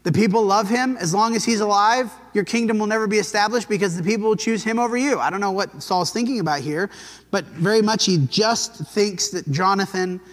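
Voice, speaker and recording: A man teaching a Bible lesson in a relaxed, conversational way, telling the story and briefly acting out the quotes. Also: sits high, fairly quick, long reverb tail.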